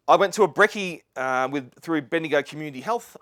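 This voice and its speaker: A middle-aged Australian man speaks to a live audience in an earnest, rambling way, often restarting and wandering into asides. His voice sits a little high for a man, and the sound is dry and close. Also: expressive, brisk, a bit bright, no room sound. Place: lecture venue with live audience.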